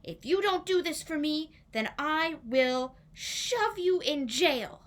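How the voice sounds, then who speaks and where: A woman's voice: huge pitch swings, a little slow, sharp tone, full character voice. Lady doing a spoiled bad king, pompous and whiny, voice jumping all over the place. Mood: bossy. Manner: whiny, bossy, squealing up high.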